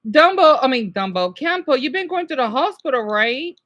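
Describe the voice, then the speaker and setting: A woman's voice: high voice, very animated, normal speed, a bit bright, slight background noise. A woman streamer chatting casually over clips, rambling with many restarts.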